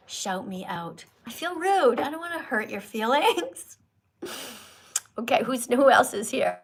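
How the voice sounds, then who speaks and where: A woman hosting a casual livestream, talking to her viewers in an animated, teacherly, jokey way. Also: on the high side, a little slow, long pauses. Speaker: livestream host. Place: Italy.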